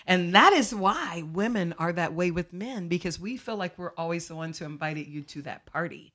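Bright woman teasing on a podcast. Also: lowish voice, lively intonation, moderate pace, few pauses. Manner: playful, teasing, drops into soft voices. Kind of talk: casual podcast banter.

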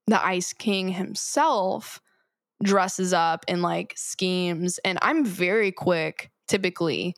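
Female co-host, slightly low voice, thoughtful casual chat, dry mic. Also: slow, fairly bright tone, no room sound. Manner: thoughtful, hedging, with um and you know. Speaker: podcast co-host. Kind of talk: casual chat discussing a cartoon episode.

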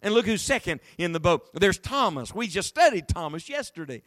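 A middle-aged man preaching a sermon in an animated, emphatic way, voice rising and falling. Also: high voice, fairly quick, dry recording, clean studio sound.

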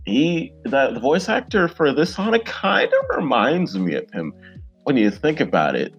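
A man in his twenties, a guest on a podcast, chatting casually and eagerly with lots of fillers. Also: on the low side. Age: 20s. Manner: rambling and eager, many fillers. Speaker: podcast guest, comic creator.

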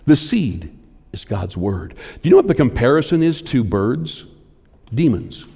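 Guy preaching a sermon in a big echoey hall, builds up with repeated lines then goes almost whisper quiet. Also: medium pitch, big pitch swings, a little slow, creaky, husky. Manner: swings between forceful emphasis and hushed near-whispers; repetitive, building preaching cadence. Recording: long hall reverb.

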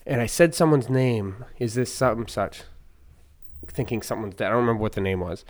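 A man's voice: medium pitch, a little fast. A man co-hosting a podcast, telling a long story in a rambling, casual way, full of fillers and restarts. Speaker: podcast co-host.

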